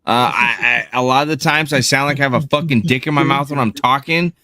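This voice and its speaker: A man's voice: medium pitch, a little fast, pushed and bright, no room sound, clean studio sound. A man hosting a casual group chat, effusive and prone to stuttering.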